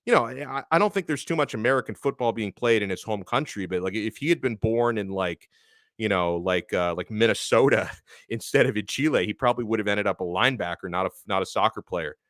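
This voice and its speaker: Lively man hosting a sports stream, lowish voice, dry close mic, reads fan chats with energy. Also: no room sound. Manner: animated, lively, quick with shout-outs. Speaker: sports show host. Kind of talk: live-stream sports talk reading viewer chats.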